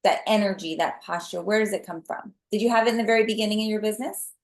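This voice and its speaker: A woman's voice: mid-range voice, fast, roomy sound. A woman leading a team training call, enthusiastically breaking down a sales story step by step. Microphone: video call.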